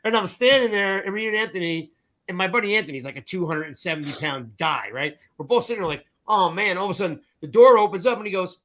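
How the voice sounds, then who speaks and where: A man co-hosting a sports talk show, telling a long anecdote in a lively, chatty way, acting out the other people's voices. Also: high-pitched, fast. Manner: animated storyteller, acts out voices, repeats "I'm like" and "right?". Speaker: podcast co-host. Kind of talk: casual storytelling chat.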